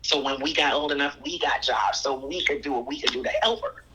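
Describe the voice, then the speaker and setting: A woman's voice: a bass voice, fairly quick, slightly rough, poor audio. A woman guest telling personal stories in a conversational way, acting out other people's lines. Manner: animated, quotes people in voices. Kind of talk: conversational storytelling.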